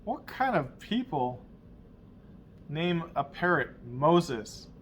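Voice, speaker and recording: A man's voice: a little high, big pitch swings, slow, slight background noise. A man voicing a startled burglar in a told joke. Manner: startled questioning. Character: jumpy male burglar, startled.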